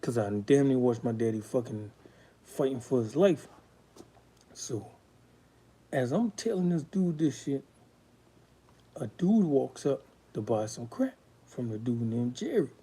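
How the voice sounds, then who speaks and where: Dark deep-toned guy telling his story straight, swearing a lot, real emotional. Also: sing-song, measured pace, long pauses, slightly rough. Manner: blunt and profane, speaks with raw emotion. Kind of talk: candid storytelling.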